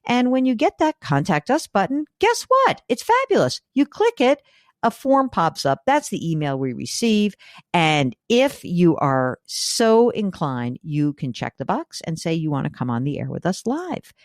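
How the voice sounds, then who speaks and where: A woman with a low voice hosts a call-in show, chatty and emphatic. Her pitch swings widely, leaping up when something excites her. The studio sound is dry and close. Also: a little slow, no echo. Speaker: radio and podcast host. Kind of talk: casual call-in advice show.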